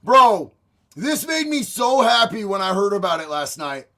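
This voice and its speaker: A man streaming reaction commentary in a profane, gleeful, often shouted way. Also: high voice, sing-song, moderate pace.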